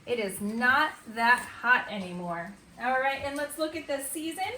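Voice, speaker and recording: A woman teaching kindergarten and first graders in an online morning meeting, slow and sing-song. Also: fairly high pitch, bright, forceful tone, roomy sound, distant mic, slight background noise. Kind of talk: remote morning meeting lesson. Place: at home or classroom on camera.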